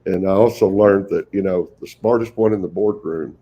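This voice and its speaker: A man's voice: deep voice, moderate pace, warm tone, slightly rough, muffled recording. An older man with a Texan accent, a folksy storyteller who chuckles often as a guest on a video call. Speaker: guest, professional Santa Claus. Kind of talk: casual interview conversation.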